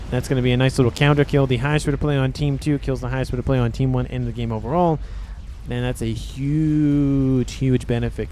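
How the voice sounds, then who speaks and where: A man casts a strategy game replay in a relaxed play-by-play, his voice sitting at an ordinary middle pitch. He talks in a chatty, thinking-aloud way, often catching and correcting himself mid-sentence. A faint hiss of noise sits under the recording. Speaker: game caster. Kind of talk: casual play-by-play commentary.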